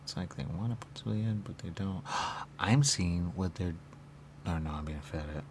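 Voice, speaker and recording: A person playing a snake game and rambling aloud, muttering to themself in halting, trailing phrases. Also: low-pitched, a little hiss or hum. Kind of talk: rambling stream-of-consciousness talk.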